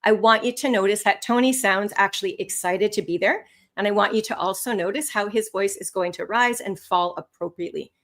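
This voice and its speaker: A woman instructor teaching English test skills on a live webinar, with lively, rising and falling intonation. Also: mid-range voice, a little fast.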